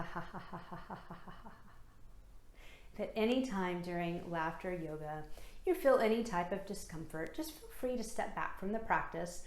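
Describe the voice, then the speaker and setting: A laughter yoga leader, a woman with a slightly low voice, talks listeners through the exercises in a calm, encouraging way. The sound is roomy and echoey. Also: a little hiss or hum. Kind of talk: instructional talk with guided exercises.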